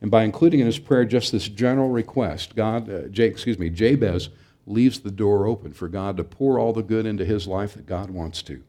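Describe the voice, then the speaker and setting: A middle-aged man delivers a sermon, his voice sitting a bit low. He talks earnestly, pressing hard on the points he wants to land. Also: a little fast, dark tone. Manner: earnest, emphatic, with occasional restarts. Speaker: pastor.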